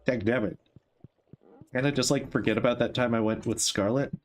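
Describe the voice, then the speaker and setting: A man's voice: medium pitch, steady tone, fast, slight background noise. A man streaming a game, playfully chatting to the characters as he plays. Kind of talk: casual gameplay commentary. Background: faint game music.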